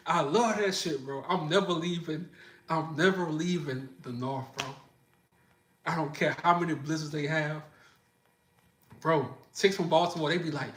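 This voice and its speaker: A young man with a New Orleans Southern accent hosts a livestream, chatting casually as he answers comments and tells animated stories, laughing often. His voice is fairly high and his pace moderate.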